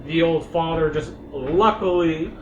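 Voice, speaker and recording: A fairly high-voiced man recaps a film in loose, profane chat, acting out bits of dialogue as he goes. His voice sits in a roomy, echoing space with a dull, lo-fi sound and a faint hiss underneath. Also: a little slow. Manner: rambling, heavy swearing, acts out lines. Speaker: podcast co-host. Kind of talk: casual movie recap chat.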